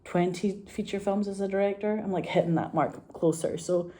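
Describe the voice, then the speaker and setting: A middle-aged Scottish woman with a Glaswegian accent, a film director chatting to camera in a rambling, excitable way, swearing freely and laughing often. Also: medium pitch, moderate pace. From Scotland. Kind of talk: casual chat to camera.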